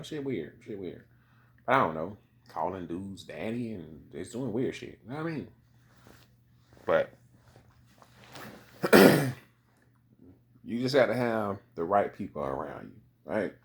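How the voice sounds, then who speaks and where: A man giving a rambling, casual commentary monologue, full of profanity and repeated "you know what I mean" asides. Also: low voice.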